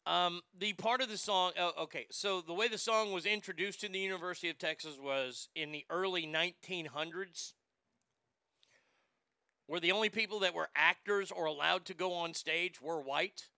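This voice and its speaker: A man's voice: high-pitched, normal speed, pushed and bright, clean tone, dry recording, studio quality. A man hosting a sports show, delivering a profane, ranting monologue and stammering over repeated words.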